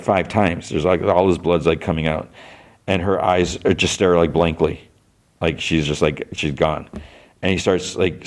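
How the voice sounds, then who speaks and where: Host, male, deep voice; casual scene recap with quick voice shifts for quoted lines and sarcastic asides. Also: a little mellow. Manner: quotes characters with loose voice shifts, many fillers like "like"; sarcastic asides about characters. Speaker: podcast host recapping a series.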